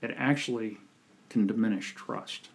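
A man with a slightly husky, breathy voice coaches on a podcast. He tells his stories in a relaxed, conversational way. He brings them to life by playing the people he quotes. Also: lowish voice, moderate pace. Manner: animated storyteller, acts out quoted people. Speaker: podcast guest, communication coach. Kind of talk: casual storytelling chat.

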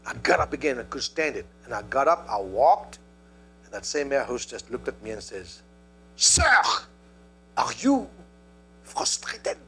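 A male preacher delivering a sermon, telling a story and calling out to the congregation in an animated way. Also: medium pitch, fairly quick, slightly rough.

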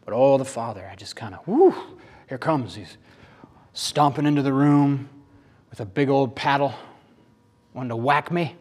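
At normal speed and with frequent pauses, a middle-aged man with a darkish tone gives a sermon. He tells it conversationally and emotionally, and his pitch climbs suddenly now and then.

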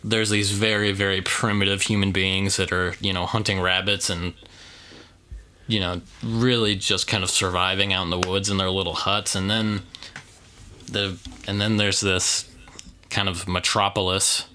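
A man's voice: deep voice, little pitch movement, normal speed, pushed and bright, a little hiss or hum. A man co-hosting a movie podcast, chatting casually with a rambling, joking manner and lots of fillers. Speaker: podcast co-host. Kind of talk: casual movie review chat.

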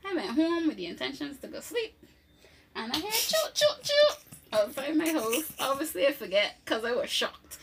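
A woman's voice: high voice, normal speed, heavy background noise. A woman, casually telling a personal story and acting out what other people said, laughing often. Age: 20s. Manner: animated, acts out quoted voices, laughs often. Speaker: co-host telling her testimony.

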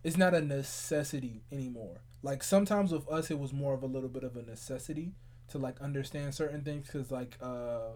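A young man from Charlotte, North Carolina, co-hosting a podcast in a relaxed, rambling chat full of "like" fillers. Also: mid-range voice, brisk. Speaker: podcast co-host. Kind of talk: casual chat.

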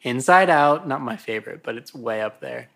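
A woman's voice: rumbling low, lively intonation, moderate pace, vocal fry, fairly bright tone. A woman co-hosting a podcast, agreeing and chatting casually about an anime episode. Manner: laughs easily, agreeable. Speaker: podcast co-host. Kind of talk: casual anime recap chat.

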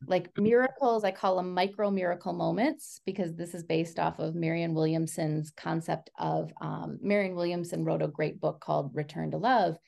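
Woman researcher on an interview show, kinda gravelly voice, earnest, tons of "like"s, animated storyteller. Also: on the low side, normal speed, hardly any pauses. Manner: earnest, filler-heavy, says "like" often. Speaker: education researcher, podcast guest. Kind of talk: casual interview conversation.

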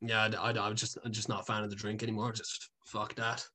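A young adult man, a content creator appearing as a guest, tells a story casually in a lowish, monotone voice that's fast and sharp. He rambles, leans heavily on fillers and swearing, and laughs often.

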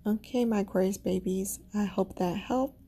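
A woman with a Caribbean accent hosting a podcast, leading spiritual affirmations slowly and calmly and saying each one twice, sometimes dropping to a soft whisper. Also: medium pitch, breathy edge. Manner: slow, calm, repeats each affirmation twice. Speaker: podcast host.

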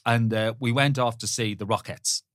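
A podcast co-host with a mid-range, slightly bright voice tells stories in casual chat, teasing and often restarting his sentences. His intonation stays fairly even at a normal speed. The clean studio recording has no room sound.

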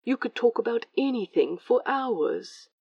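Woman voicing a soft-spoken, tender, coaxing man. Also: a little high, lively intonation, unhurried, no echo, distant mic, highs cut off. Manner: soft, tender, sometimes whispered. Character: gentle, affectionate, coaxing man. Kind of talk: fan audio drama acting.

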